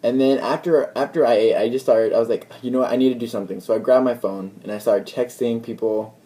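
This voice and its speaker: A man's voice: mid-range voice, quick pace, dark tone. A young man casually telling a story to the camera as a vlogger, rambling and chatty, filling his talk with "like" and acted-out bits of dialogue. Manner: rambling, chatty retelling full of "like" and quoted dialogue.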